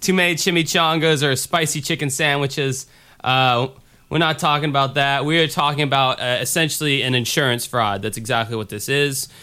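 A man with a slight Southern accent co-hosting a podcast, talking casually and cracking lowbrow jokes. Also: fairly even intonation, moderate pace, sharp tone, clear, resonant tone. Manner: joking, lowbrow humor, rambling asides. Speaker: podcast co-host.

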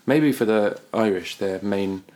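A British man co-hosting a podcast, chatting casually and rambling, quick to laugh. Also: lowish voice, darkish tone. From Britain. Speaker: podcast co-host. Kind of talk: casual chat.

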